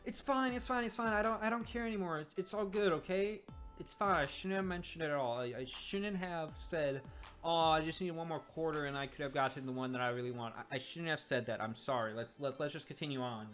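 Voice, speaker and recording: A woman's voice: sits low, fairly quick, soft background music, lightly acted. A woman voicing a flustered young boy who insists girls are annoying, stammering and repeating himself. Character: flustered boy denying his crush.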